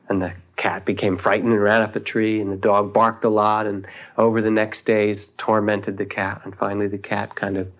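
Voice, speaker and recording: A man giving a dharma talk as a meditation teacher, reflective and unhurried, with thoughtful pauses as he tells a teaching story. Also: fairly low pitch.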